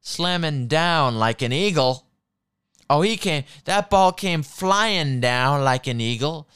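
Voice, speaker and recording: A young man mimicking a soft-spoken female sports commentator who reads play-by-play in a mild, sing-song way. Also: on the high side, lively intonation, slow pace, clear, resonant tone, no room sound, studio quality. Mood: mocking.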